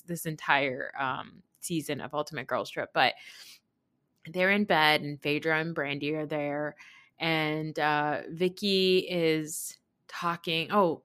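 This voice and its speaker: A woman's voice: low-pitched, fairly bright tone. A woman hosting a podcast in casual chat, chatty and sarcastic, often laughing. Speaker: podcast host.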